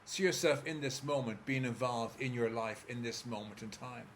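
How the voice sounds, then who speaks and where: An Irish man speaks as a therapist, leading the listener through a guided visualization. His delivery is calm and steady, coaching step by step at an ordinary middle pitch. A faint noise sits behind him. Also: moderate pace.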